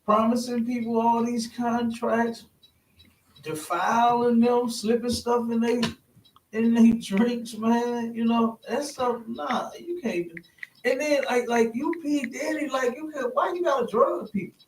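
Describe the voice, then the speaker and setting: A man's voice: very high-pitched, steady tone, unhurried, distant mic. A man in a casual spoken discussion, rambling and often asking "you know what I'm saying?". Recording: echoey room, voice from off-mic, faint hiss.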